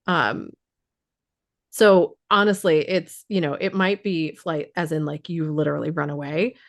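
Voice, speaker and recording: A woman's voice: low voice, fairly even intonation, a little slow, creaky. A woman who is losing her voice explains trauma responses in casual talk, thoughtful, with many fillers and restarts.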